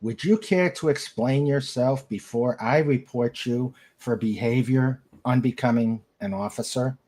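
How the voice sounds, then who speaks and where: A man voicing a reserved, professional male officer in an amateur audio drama, speaking in a measured, formal way. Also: mid-range voice, warm tone, lightly acted.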